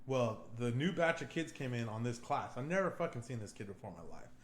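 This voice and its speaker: A young man hosting a podcast, telling a story in a casual, profane, animated way and laughing often. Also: medium pitch, fast, reverberant, slight background noise. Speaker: podcast host.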